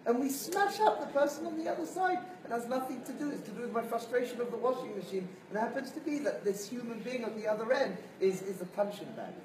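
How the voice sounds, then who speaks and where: A man giving an animated sermon-style lecture as a rabbi, telling stories and acting out voices. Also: very high-pitched, fast talker, few pauses. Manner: animated storyteller, acts out voices. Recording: roomy, distant mic, faint hiss.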